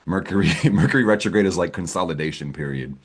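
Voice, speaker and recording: A man's voice: sits low, fast, husky. A man talking through an astrology forecast in a casual vlog, brash and slangy, swearing freely and hyping up his viewers. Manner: brash, profane, slangy and hyped. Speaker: astrology content creator.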